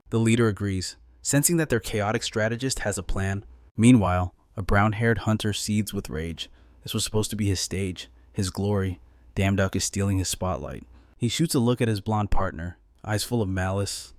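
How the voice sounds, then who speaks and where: Low-voiced male story narrator. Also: steady tone, normal speed, dry recording. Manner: urgent, dramatic storytelling. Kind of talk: dramatic comic recap narration.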